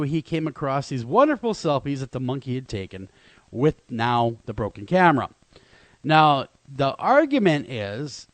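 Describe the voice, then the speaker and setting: A man co-hosting a radio show trades casual banter, telling stories playfully with lots of animation and frequent laughter. His voice is on the high side, recorded dry.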